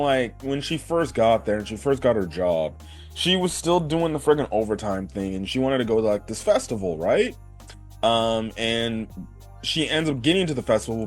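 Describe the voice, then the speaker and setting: A man casually recapping an anime episode, rambling with lots of fillers and cursing. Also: fairly low pitch. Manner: rambling, swears, many fillers like "like" and "right". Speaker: anime reviewer.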